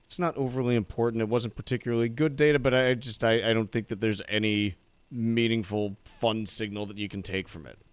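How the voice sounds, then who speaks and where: A man's voice: fairly low pitch, steady tone, brisk, clear, resonant tone, no room sound. A man co-hosting a financial news radio show, chatting casually with some dry humor. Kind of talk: casual market news chat.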